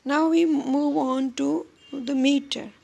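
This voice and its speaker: A woman teaching poetry in a slow, deliberate lecture. Her voice is heavily gravelly with fry, sitting a little high. She pauses often between short phrases as she explains. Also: fairly even intonation, warm tone.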